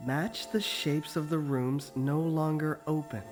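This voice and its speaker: An actor gives voice to a mysterious presence in a haunted mansion game. It recites cryptic riddles very slowly and solemnly, in a middle-pitched voice, with faint music behind it. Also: steady tone, darkish tone, close to an everyday voice. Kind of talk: video game voice acting.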